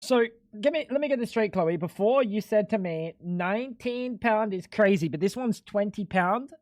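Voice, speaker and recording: A man's voice: expressive, moderate pace, darkish tone, no room sound. Joking young male streamer, dry close sound. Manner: loose and joking, swears freely, talks straight to chat; jumps into high, incredulous squeaks when baffled. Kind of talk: casual live-stream chatter to chat.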